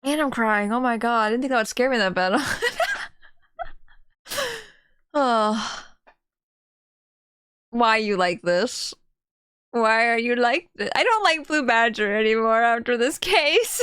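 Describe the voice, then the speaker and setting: A woman streamer giving live commentary as she plays a game, excitable, laughing, shrieking and swearing. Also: fairly high pitch.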